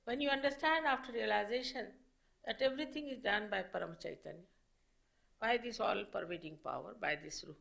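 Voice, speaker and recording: A woman giving a public spiritual lecture as a teacher, explaining slowly and in measured phrases with pauses. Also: medium pitch, creaky, a bit bright.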